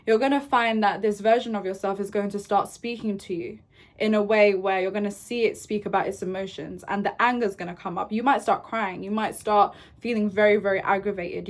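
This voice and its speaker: A young woman talks to her viewers in a relaxed self-help vlog. She coaches gently in a mid-range voice and keeps checking in with "right?" and "okay?". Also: mid-range voice, a little fast. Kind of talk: casual advice talk to camera.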